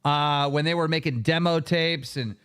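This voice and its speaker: A livestream show host rants angrily and curses heavily while telling his side of a story, heated and emphatic. His voice is a little high, a bit bright and smooth, at normal speed.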